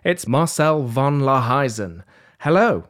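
A man's voice: mid-range voice, big pitch swings, slow. A man hosting a podcast panel, joking and rambling in a self-deprecating way. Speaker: podcast host. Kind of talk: casual panel chat. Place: London.

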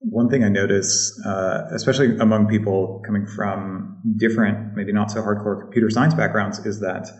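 A man's voice: on the low side, steady tone, normal speed, few pauses, a little mellow. A man speaking as a podcast panel guest, hesitant and full of fillers. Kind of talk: casual panel chat. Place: home room. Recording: distant, roomy, dull remote audio.

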